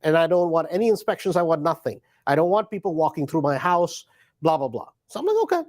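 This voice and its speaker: A man's voice: on the high side, very animated, quick pace, darkish tone. A middle-aged man, a real estate investor, telling a story in a live stream and animatedly acting out both sides of a conversation.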